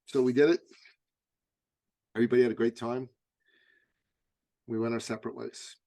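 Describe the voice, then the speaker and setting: A middle-aged man recounting a personal story as an interview guest, at a middling pitch. He tells it vividly, often stumbling over repeated starts before pressing on. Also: flat delivery, moderate pace, warm tone. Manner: vivid anecdotal telling with repeated stammered starts.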